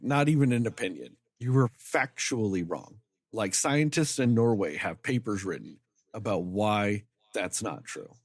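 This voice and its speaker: A man's voice: on the low side, slightly rough, no echo. A man co-hosting a podcast, ranting in a heated, emphatic way and swearing freely. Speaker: podcast co-host. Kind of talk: casual podcast chat.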